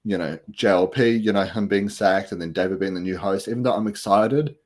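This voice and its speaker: A man's voice: lowish voice, brisk. A man hosting a casual chat show, upbeat and rambling, with lots of fillers. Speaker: podcast host.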